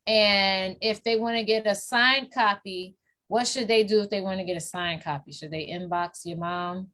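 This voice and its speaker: A woman from New York, speaking with a New York accent in a mid-range voice at a moderate pace, hosts a casual live-stream interview. She cheers her guest on with lively, playful energy.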